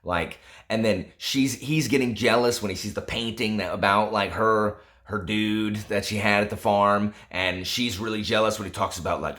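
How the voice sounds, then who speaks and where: A man's voice: lowish voice, measured pace, pushed and bright. A young adult man, chatting casually in a vlog and reacting to a novel with exasperated laughs. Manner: exasperated, laughing, dramatic reading asides. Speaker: book vlogger.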